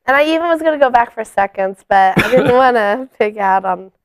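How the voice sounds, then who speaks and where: A woman's voice: on the high side, expressive, fairly quick, smooth, no room sound. A woman co-hosting a casual chat show, chatty and teasing. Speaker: co-host.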